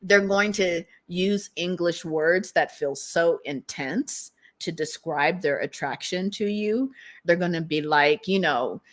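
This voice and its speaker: Taking it slowly in a voice on the low side, a woman rambles through a casual collective tarot reading on her streaming mic. She laughs frequently and trails off while hunting for words.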